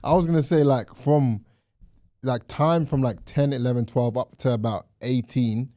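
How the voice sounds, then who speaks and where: A man's voice: mid-range voice, steady tone, moderate pace, mellow. A young man, co-hosting a casual chat in a teasing, laid-back way, full of "like" fillers. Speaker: podcast co-host.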